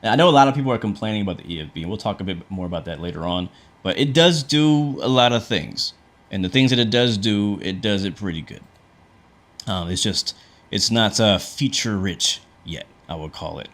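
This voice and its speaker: A man's voice: fairly low pitch, animated, brisk, fairly bright tone. A man streaming a flight simulator, talking through each step in a chatty, casual way and answering viewers' chat questions. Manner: frequent fillers and restarts. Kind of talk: casual livestream commentary.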